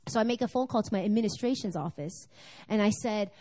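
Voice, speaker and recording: Woman, church speaker; animated personal testimony, conversational storytelling. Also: mid-range voice, quick pace. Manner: animated storytelling, acting out dialogue. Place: church service.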